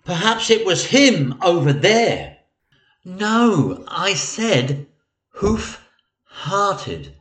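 An actor playing a dim-witted lord in a comic radio play, speaking with a lilting delivery. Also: male voice, high voice, sing-song, very slow, fairly bright tone, heavily acted. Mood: bemused. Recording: roomy echo, away from the mic.

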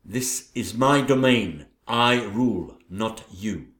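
A man's voice: lowish voice, animated, a bit bright, echoey room. A man voicing a vain, scheming wicked stepmother queen in a theatrical audio play. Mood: gloating, haughty. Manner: theatrical, gloating, drawn-out delivery.

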